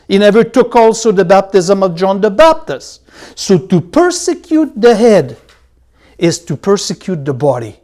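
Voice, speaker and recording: Man teaching a Bible study, drawn-out repeated key words, loud-soft swings. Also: high-pitched. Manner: swings between loud emphasis and soft asides.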